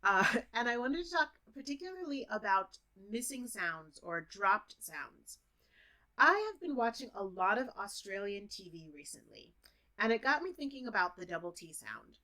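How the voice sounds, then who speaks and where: A woman's voice: mid-range voice, sing-song, normal speed, sharp tone. Woman, english teacher, pronunciation lesson, playful, close to camera, repeats words to show sounds.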